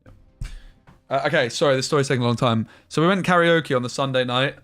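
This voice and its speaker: A man's voice: mid-range voice, fast talker, a bit bright, faint music behind. A young man chatting casually while streaming a game, telling rambling stories with slang and the odd swear word. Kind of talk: casual live-stream chat over gameplay.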